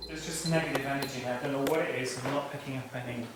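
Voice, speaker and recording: A man medium speaks hesitantly, describing spirit sensations. His voice sits in a roomy, echoey space with steady noise behind. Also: mid-range voice, rapid-fire. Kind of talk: paranormal investigation. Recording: echoey room with background noise.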